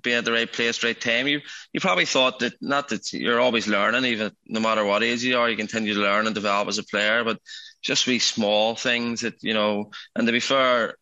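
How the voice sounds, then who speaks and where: A man's voice: mid-range voice, fairly even intonation, brisk, pushed and bright, dull audio. A man in his thirties with a Northern Irish accent, chatting as a podcast guest and telling rambling, self-deprecating stories. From Northern Ireland. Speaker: podcast guest, retired footballer. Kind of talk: casual chat.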